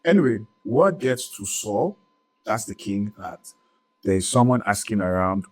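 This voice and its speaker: A man's voice: on the low side, lively intonation, unhurried, rough recording. A man retelling a Bible story for a church audience in a casual, chatty way, full of "like" and "right?" and joking asides.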